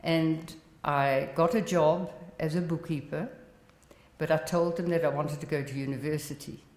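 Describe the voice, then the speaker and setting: An older woman from the Netherlands with a South African accent, Dutch as her first language, telling her life story in plain, unhurried talk. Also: low-pitched, fairly even intonation, a little mellow. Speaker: Holocaust survivor speaker. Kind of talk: personal testimony talk. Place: college exhibit hall. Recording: roomy hall with long reverb.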